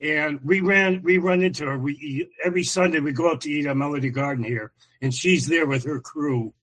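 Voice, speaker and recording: A man calling into a talk show, telling a plain account with some halting fillers. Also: fairly high pitch, fairly bright tone, low-quality recording. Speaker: caller on the show. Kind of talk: casual account.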